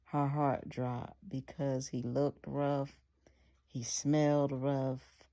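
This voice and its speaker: A woman telling a story from her own book in a loose, unhurried way, with frequent fillers. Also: a bass voice, little pitch movement, mellow, highs cut off. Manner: unhurried, with many fillers and restarts.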